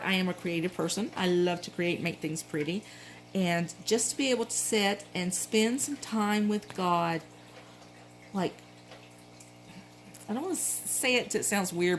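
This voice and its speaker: Low-voiced Southern woman, chatty. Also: a little hiss or hum, poor audio. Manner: chatty, rambling, frequent self-corrections. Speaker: planner vlogger. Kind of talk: casual show-and-tell chat.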